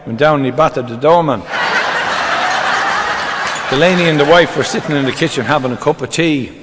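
An older man doing stand-up, telling a run of jokes in a brisk, deadpan storytelling manner. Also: a little high, heavy background noise. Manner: brisk deadpan storytelling, dropping into quoted voices. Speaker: comedian. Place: live stage before an audience. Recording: reverberant live hall with crowd. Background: audience laughter.

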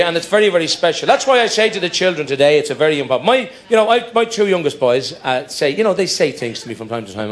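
Animated Irish man telling a joke. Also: fairly high pitch. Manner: animated, laughing through the telling. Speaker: comedian. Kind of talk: storytelling stand-up.

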